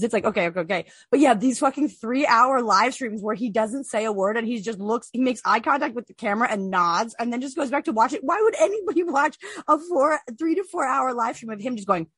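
A woman's voice: on the high side, animated, a little fast, few pauses, a bit bright, slightly rough, no echo. A woman co-hosting a podcast in casual chat, rambling and profane, full of "like". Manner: rambling, profane, heavy use of "like". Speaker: podcast co-host.

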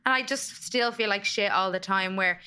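A woman's voice: mid-range voice, normal speed, pushed and bright, clean tone. A woman hosting a podcast in casual chat, frank and emphatic, swearing casually. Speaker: podcast host.

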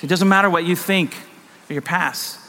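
A middle-aged man preaches in a big church sanctuary, his voice high and bright. He hammers on repeated phrases, rising and falling in force. Long reverb from the hall hangs around his words. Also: normal speed. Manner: emphatic, repetitive preaching that swells and drops. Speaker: pastor. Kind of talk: sermon.

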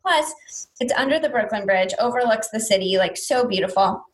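A young woman with a slightly high voice tells a long personal story over casual chat. She talks in a chatty, rambling way, filling her sentences with "like" and acting out what people said. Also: normal speed, poor audio. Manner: chatty, lots of "like", animated retelling with quoted voices.

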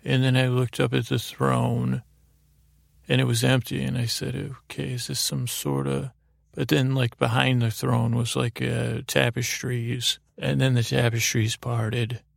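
A man's voice: medium pitch, little pitch movement, measured pace, creaky, no room sound. A man hosting a sleep story, telling a dream in a meandering way with many fillers and restarts, close to the mic. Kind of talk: rambling bedtime storytelling.

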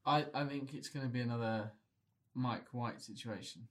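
A man's voice: medium pitch, moderate pace. A man co-hosts a casual sports podcast. He speaks drily and bluntly, sharing matter-of-fact opinions. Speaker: podcast co-host.

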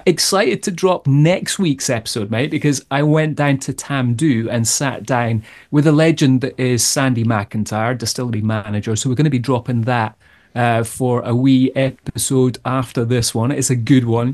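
A man's voice: medium pitch, normal speed, darkish tone. A man co-hosting a podcast in casual chat, friendly as he wraps up the episode. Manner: friendly, wraps up the show with plugs. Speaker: podcast co-host.

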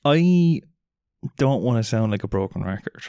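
A man's voice: mid-range voice, lively intonation, normal speed, warm tone, no room sound, highs cut off. A young Irish man co-hosting a casual chat, teasing and easygoing with casual swearing. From Ireland. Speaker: podcast co-host.

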